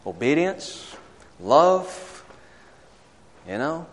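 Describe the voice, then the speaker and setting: A man's voice: a little high, sing-song, extremely slow, long reverb tail. A male pastor preaching a sermon, mixing emphatic peaks with conversational asides and storytelling.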